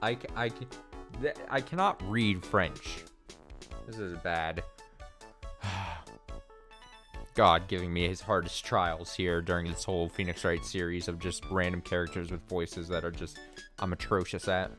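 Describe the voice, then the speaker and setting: A man's voice: sits low, steady tone, a little slow, a bit bright, soft background music. A man giving casual gameplay commentary while reading through a story game, rambling, swearing and poking fun at himself. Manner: swearing, self-deprecating, rambling. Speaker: let's player.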